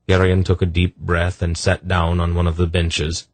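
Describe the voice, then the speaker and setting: A man narrating a fantasy audiobook, an expressive storyteller who voices every character. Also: sits low, moderate pace, no echo.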